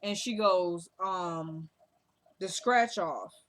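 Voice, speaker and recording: A woman's voice: lowish voice, a bit bright. Woman recapping a tv episode, chatty, quotes everybody's lines, super casual. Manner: chatty, quotes characters in quick asides. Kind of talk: casual recap, acting out dialogue.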